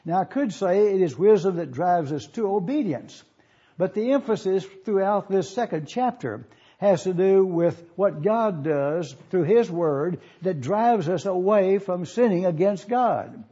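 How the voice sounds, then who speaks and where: A man's voice: high-pitched, animated, measured pace, warm tone, breathy edge, highs cut off. A man preaching a sermon in an auditorium, teaching and asking listeners to follow along in their Bibles.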